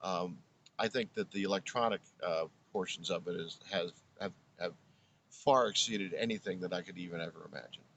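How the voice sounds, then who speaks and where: Older man, low earnest voice. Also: moderate pace, fairly bright tone, highs cut off, slight background noise. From Brooklyn, New York. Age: 70s. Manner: earnest, reflective, restarts phrases often. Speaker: guest, former radio broadcaster. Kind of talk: interview storytelling.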